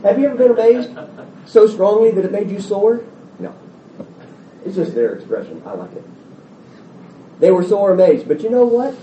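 Male pastor, high lively voice, mellow tone; sermon heard from a distance in a roomy hall. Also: a little fast, pauses often, a little hiss or hum. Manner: animated, acts out the disciples' voices. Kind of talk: expository Bible sermon. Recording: roomy, distant, dull sound.

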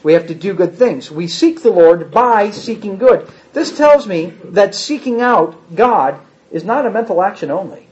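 A man's voice: high voice, lively intonation, normal speed, a little mellow, highs cut off. A man teaching an informal Bible class, reading scripture aloud with dramatic emphasis between casual comments.

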